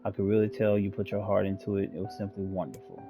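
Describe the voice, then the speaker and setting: A man reading aloud the lines of a panicked shopkeeper who is vanishing, in a flat reading voice. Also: lowish voice, fast talker, music in the background, lightly acted. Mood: polite. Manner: reads the lines aloud flatly.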